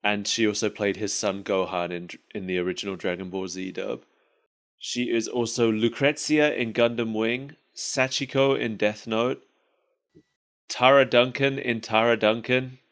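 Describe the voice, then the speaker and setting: A man co-hosts a laid-back podcast, talking in a rambling, chatty way and laughing often at his own jokes. His voice sits a little low. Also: steady tone, a little slow, fairly bright tone. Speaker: podcast co-host. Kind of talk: casual chat.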